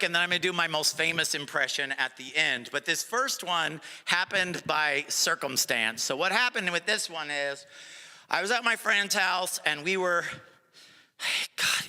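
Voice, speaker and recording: A man's voice: a little high, sharp tone. A man doing a stand-up comedy set on a club stage, joking loosely and bantering with the crowd. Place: comedy club stage before a live audience.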